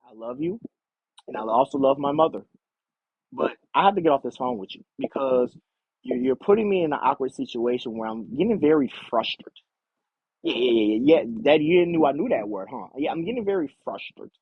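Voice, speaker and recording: A man's voice: sits high, husky, dry recording, muffled recording, pitched above the performer's own voice, full character voice. A man putting on the voice of a spoiled young woman, whining and pleading with her father for money. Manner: whiny, drawn-out pleading with repeated "daddy".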